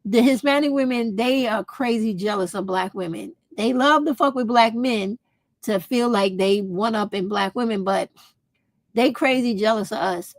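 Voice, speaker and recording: A woman's voice: on the high side, normal speed, no room sound. A woman, talking straight to her viewers in a casual opinion vlog, blunt and profane. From United States. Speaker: vlog host.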